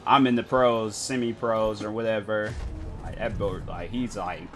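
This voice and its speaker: A man's voice: lowish voice, steady tone, moderate pace. A young man chatting casually while live-streaming games, telling rambling stories full of fillers. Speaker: game streamer.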